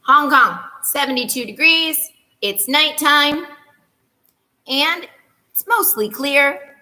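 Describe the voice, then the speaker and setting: Woman, teacher, playful children's lesson, slightly high voice, slow and unhurried. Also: sharp tone, big-room sound. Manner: playful, self-teasing, hums and sings little transition tunes. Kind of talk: online morning meeting lesson for children.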